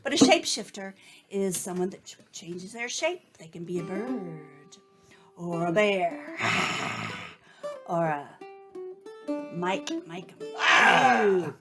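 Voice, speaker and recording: Animated woman telling folktales. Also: lowish voice. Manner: animated, playful, drawn-out storytelling delivery. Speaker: storyteller and co-host. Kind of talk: folktale storytelling with banter. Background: guitar music.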